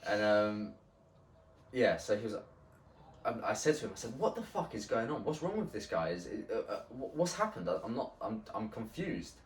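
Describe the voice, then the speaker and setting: A low-voiced man recounts a tense experience in loose, profane podcast talk. He stumbles and restarts his sentences often. He was recorded from some distance in a roomy, echoing space. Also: very animated, a little hiss or hum. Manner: halting and profane, with frequent restarts. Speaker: podcast co-host telling a story. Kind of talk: casual storytelling. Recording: roomy sound from a distant mic.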